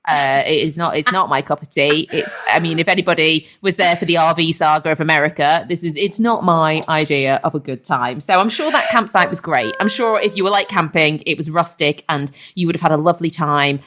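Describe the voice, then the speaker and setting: A woman's voice: low-pitched, a little fast, hardly any pauses, a bit bright, slight background noise. A middle-aged woman hosting a casual comedy podcast, chatty, swearing freely and laughing often. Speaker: podcast host.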